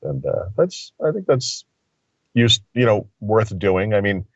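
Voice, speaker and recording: Deep-voiced man rambling on a phone line. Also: sing-song, measured pace, breathy edge, no room sound. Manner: rambling, thinking aloud with many fillers. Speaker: tech commentator. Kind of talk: casual tech chat. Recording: dull lo-fi phone audio.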